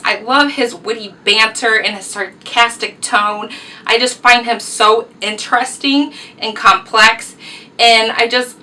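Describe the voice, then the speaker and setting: A woman's voice: sits high, pushed and bright, distant mic, low-quality recording. A young woman, chatting through a casual book review vlog, rambling and enthusiastic. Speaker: book vlogger.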